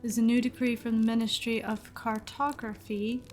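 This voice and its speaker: A woman's voice: on the high side, flat delivery, normal speed, a little mellow, faint music behind, close to an everyday voice. A woman reading aloud the lines of an earnest young male medical student in a story game, in her own plain voice. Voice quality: plain reading voice, no put-on accent.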